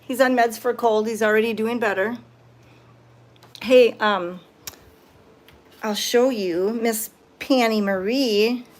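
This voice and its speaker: Soft-spoken woman cooing to cats. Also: fairly high pitch, fairly even intonation, takes it slowly, long pauses. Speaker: cat sanctuary caretaker streaming live. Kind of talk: casual live-stream chat with viewers. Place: indoor cat room at a sanctuary.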